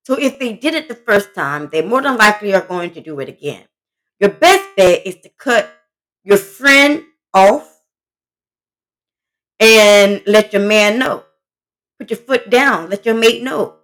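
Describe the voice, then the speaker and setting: A woman's voice: medium pitch, lively intonation, a little slow, long pauses, a bit bright. A woman hosting a solo podcast, giving relationship advice in a blunt, emphatic, conversational way and talking straight to her listeners. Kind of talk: casual solo podcast talk.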